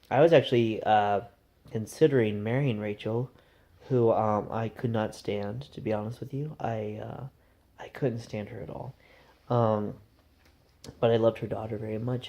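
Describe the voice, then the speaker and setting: A man's voice: fairly low pitch, steady tone, moderate pace, warm tone. A man telling a rambling, conversational story to camera in a casual vlog. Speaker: vlogger.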